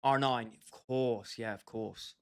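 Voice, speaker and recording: Livestreaming a football match, this young gamer speaks slowly and smoothly at medium pitch with fairly even intonation. He jokes around with his chat and addresses viewers by name.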